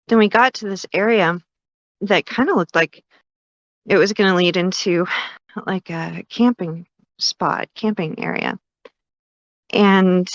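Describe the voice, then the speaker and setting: A woman's voice: fairly low pitch, fairly bright tone, no echo, highs cut off. A woman calling in to a show, telling a creepy story in a chatty way, laughing now and then. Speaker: caller.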